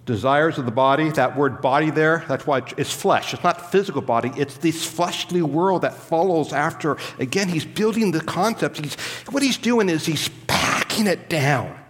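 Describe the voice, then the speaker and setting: A man's voice: a little high, moderate pace, hardly any pauses, in a large hall. A man preaching an expository sermon as a pastor, teaching in an emphatic way and stopping to explain the grammar of the Greek text.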